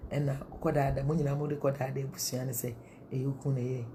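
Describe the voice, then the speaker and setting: A woman's voice: rumbling low, flat delivery, fast talker, background noise. A middle-aged woman with a Ghanaian accent, preaching marriage counsel in a sermon, mixing Twi and English and asking rhetorical questions.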